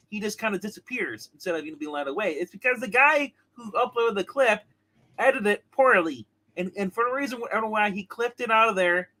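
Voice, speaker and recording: Male co-host, high and bright tone, rambling and heated in casual review chat. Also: low-quality recording. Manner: rambling, with many restarts and heated rants. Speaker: co-host of a show reviewing comics and TV.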